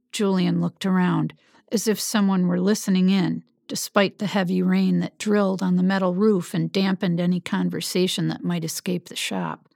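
Female audiobook narrator, even and descriptive, gravelly tone, dry close mic. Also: on the low side, normal speed, no echo.

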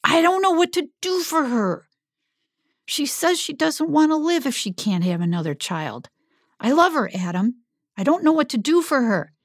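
A woman's voice: high-pitched, very animated, normal speed, no room sound, studio quality, pitched above the performer's own voice. A woman voicing a distraught, pleading man. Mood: anguished. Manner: pleading, rising to shouting. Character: anguished adult man, a smith.

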